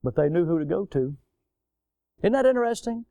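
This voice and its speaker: An older man delivers a sermon with a notably high voice, pressing his points through homespun stories and pointed rhetorical questions. The sound is dry and close, with no room around him. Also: big pitch swings, fairly quick, vocal fry, warm tone, no room sound. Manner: emphatic, folksy preaching with stories and rhetorical questions. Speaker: pastor.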